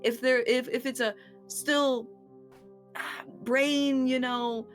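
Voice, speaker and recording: A woman's voice: sits high, steady tone, slow, faint music behind. A woman recapping a tabletop game session in a rambling, giggly way, swearing freely and restarting her sentences. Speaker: player recapping the last session.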